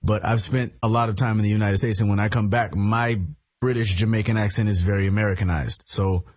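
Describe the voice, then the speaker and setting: Man, stage actor guest, low voice, earnest, hesitant, dull radio sound. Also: steady tone, brisk, a little mellow, dry recording. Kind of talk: radio interview. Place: radio studio. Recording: dull lo-fi radio broadcast audio.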